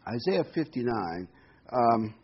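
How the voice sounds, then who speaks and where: A man preaching a sermon, animated and repeating key words for emphasis, heard on a dull lo-fi recording. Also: mid-range voice, slow pace, slight background noise.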